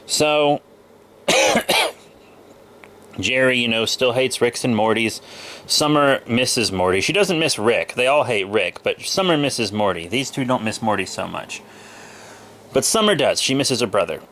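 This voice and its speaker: Casual male vlogger in his twenties, bright and sharp-toned, under the weather, loose and rambling. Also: medium pitch, lively intonation, measured pace, long pauses. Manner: rambling, loose, with many fillers. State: a little sick with a cold. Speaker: comic book vlogger. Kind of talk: casual haul video chat.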